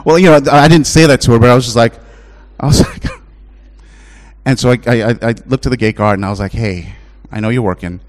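Delivering a sermon, this middle-aged chaplain talks quickly but pauses often. He alternates between passionate high-pitched pleas and quiet, low-voiced storytelling.

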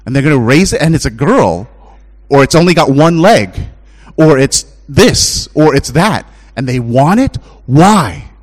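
A middle-aged man preaching a sermon as a chaplain, shifting between impassioned high-pitched pleading and low, hushed storytelling. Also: very animated, measured pace.

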